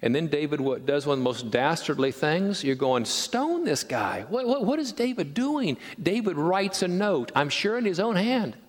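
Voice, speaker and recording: A middle-aged man preaching a sermon in a church sanctuary, telling stories with animated restarts and repeated words. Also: a little high, moderate pace, few pauses. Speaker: pastor. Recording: long reverb of a large sanctuary.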